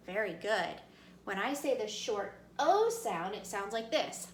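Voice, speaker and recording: A woman's voice: mid-range voice, very animated, echoey room. A woman teaching second graders a phonics lesson, encouraging them and calling out vowel sounds for the class to repeat. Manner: slow, encouraging, calls out sounds with hand motions. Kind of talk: recorded phonics lesson for kids.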